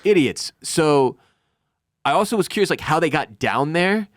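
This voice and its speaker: A man co-hosting a casual TV recap show, retelling scenes with lively acted-out lines. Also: on the high side, no room sound, clean studio sound. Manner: animated, acts out characters' lines in quick impressions. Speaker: podcast co-host.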